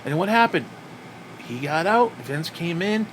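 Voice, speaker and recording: A man's voice: on the high side, animated, a little slow, a bit bright, slight background noise. A man ranting in a wrestling review, profane and exasperated, with frequent sighs.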